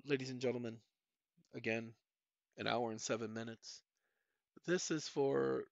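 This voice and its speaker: A middle-aged man who runs his own channel speaks at medium pitch, meandering through a personal monologue directed at his viewers. He repeats "ladies and gentlemen" often. The muffled, lo-fi audio is dry, with no room sound.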